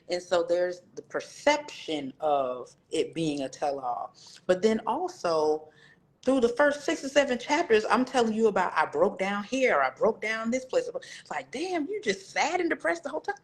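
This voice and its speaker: A woman's voice: medium pitch, sing-song, normal speed. A woman in her forties, a guest author in a candid interview, telling her story with animation and acting out other people's voices.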